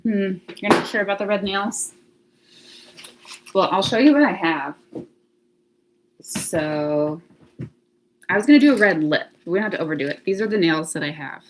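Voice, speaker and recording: A woman livestreams casually from home near her laundry closet, chatting to viewers and thinking aloud with frequent laughs. Her medium-pitched voice has lively intonation and a moderate pace, broken by long pauses, over a noisy background.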